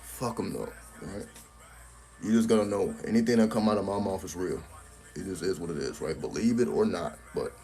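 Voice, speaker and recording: A man's voice: on the low side, a little mellow. A man giving a casual live-stream talk on a cell phone, blunt and profane, tagging his points with "right?", with faint music behind him. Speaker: spiritual content creator.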